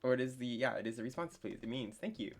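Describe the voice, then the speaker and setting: A young man teaching a casual online French lesson, chatty and full of fillers, slowing down to spell out words. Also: mid-range voice.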